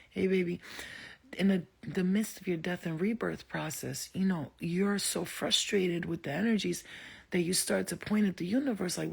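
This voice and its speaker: A woman's voice: fairly low pitch, vocal fry, husky. A woman hosting a spiritual livestream, talking bluntly and with lots of swearing, greeting viewers as she goes. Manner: blunt, profane and animated, greeting viewers mid-talk. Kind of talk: casual livestream talk to viewers.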